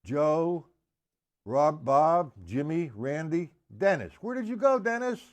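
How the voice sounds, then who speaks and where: A man's voice: fairly high pitch, sing-song, slow. A man teaching a live-streamed drum lesson, counting beats aloud and calling on his students by name. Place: drum studio indoors. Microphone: live stream microphone. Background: drum playing.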